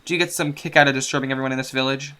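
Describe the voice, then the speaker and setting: A man's voice: medium pitch, fairly even intonation, very fast, bright, forceful tone, lightly acted. A man voicing a harsh, scornful mother who scolds an outsider and her daughter. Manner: scolding, contemptuous.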